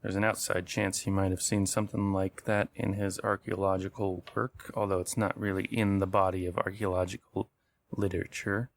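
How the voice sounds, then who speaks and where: A man narrating a tabletop horror game as game master, relaxed and often laughing. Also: deep voice, moderate pace, gravelly, a little hiss or hum.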